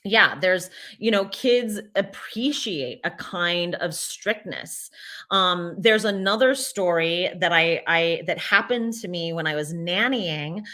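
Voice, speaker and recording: Bright-voiced woman speaking emphatically. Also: fairly low pitch, takes it slowly. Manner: rambling, many restarts and fillers. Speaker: speaker addressing an audience. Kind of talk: casual spoken talk.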